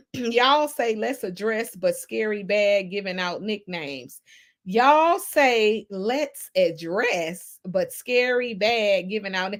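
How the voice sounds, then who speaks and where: A woman hosting a casual gossip livestream, sassy and animated, laughing often as she reads the chat. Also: mid-range voice, slow pace. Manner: sassy, animated, laughs a lot, Southern Black American slang. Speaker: livestream host reading chat.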